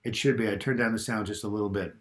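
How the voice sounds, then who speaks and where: A man's voice: lowish voice, fairly even intonation, fast. Older male host with a cold, casual and chatty, answering viewer questions on a lapel mic at home. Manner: chatty, reads out viewer comments and answers them. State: getting over a cold. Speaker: host of a mental health Q&A. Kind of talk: casual live video chat. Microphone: lavalier mic.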